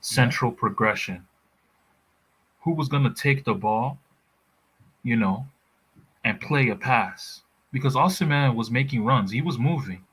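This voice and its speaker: A man's voice: medium pitch, animated, measured pace, pauses often, a bit bright, slightly rough, poor audio. A man in a casual football chat, blunt and heated, swearing freely. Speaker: football pundit.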